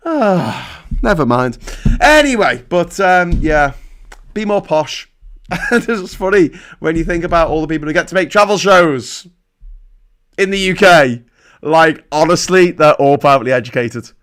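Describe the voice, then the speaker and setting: A man's voice: high-pitched, animated, brisk, a bit bright. Rambling, sweary man hosting a livestream. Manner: rambling, sweary, self-mocking. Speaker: livestream host. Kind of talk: casual live-stream chat and political commentary.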